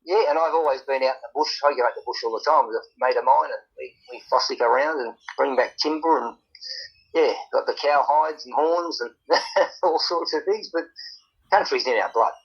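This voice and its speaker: A man's voice: mid-range voice, brisk, creaky, husky. An Australian man, a country singer, chatting casually on a podcast, laughing often and repeating words. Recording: dull lo-fi sound.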